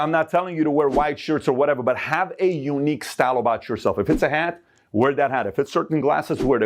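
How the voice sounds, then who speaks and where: A middle-aged Iranian man delivers an emphatic, animated motivational talk full of life advice, acting out the people he quotes. His voice sits at a medium pitch.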